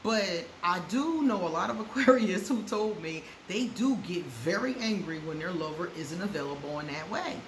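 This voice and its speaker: A woman's voice: on the low side, lively intonation, normal speed, hardly any pauses. Woman, frank advice vlog, laughs a lot, roomy echo, faint background hiss. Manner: frank, laughs often, repeats for emphasis. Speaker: astrology advice vlogger. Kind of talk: casual advice chat to camera.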